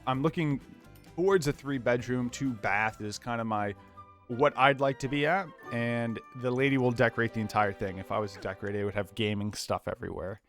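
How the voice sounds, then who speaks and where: A man's voice: medium pitch, fairly quick, fairly bright tone, faint music behind. Chatty young man playing a game. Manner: rambling, chatty, talks to viewers and his dog. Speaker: gaming YouTuber. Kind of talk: casual let's play commentary. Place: small soundproofed home office.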